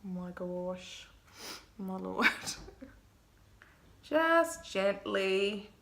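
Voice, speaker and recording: A woman's voice: mid-range voice, expressive, drawn-out words, creaky, fairly bright tone. A young woman, a makeup artist, chatting to viewers through a makeup tutorial vlog in a self-mocking way.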